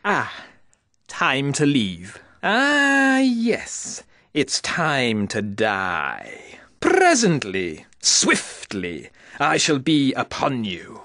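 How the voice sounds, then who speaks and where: An actor playing a sly male snake lord for a video game, with an oily, mocking, drawn-out delivery. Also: mid-range voice, wildly swooping pitch, pushed and bright, no echo, studio quality, full character voice. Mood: pleading. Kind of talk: video game villain voice acting.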